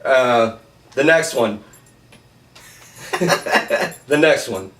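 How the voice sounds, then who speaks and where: A man co-hosting a casual movie podcast, who reads film quotes slowly and laughs often. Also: mid-range voice, lively intonation, fairly bright tone. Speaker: podcast co-host. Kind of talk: casual chat. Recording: roomy sound, mic at a distance.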